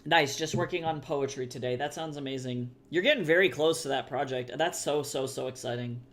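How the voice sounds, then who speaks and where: A man's voice: medium pitch, brisk, fairly bright tone. An American man streaming, chatting casually with viewers and swearing freely as he reacts to the chat. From United States.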